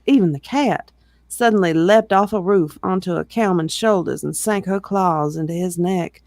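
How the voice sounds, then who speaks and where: An expressive reader narrates a novel aloud, pausing to chuckle with friends between passages. The voice sits at a middling pitch and is recorded dry and close, with no room echo. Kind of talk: reading a novel aloud with banter.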